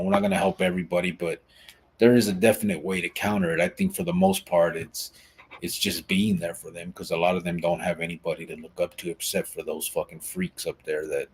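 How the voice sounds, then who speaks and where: Low-pitched, darkish and husky, this is an Arizona-born man hosting a live podcast. He talks casually and rambles easily, leaning on lots of fillers.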